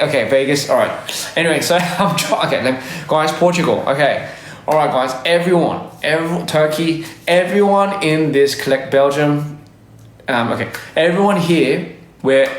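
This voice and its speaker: A man talks casually into his phone on a livestream, rambling through shout-outs and restarting his sentences. His voice sits at a middle pitch. The sound is roomy and echoey. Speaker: livestreaming artist. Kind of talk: casual livestream chat to fans.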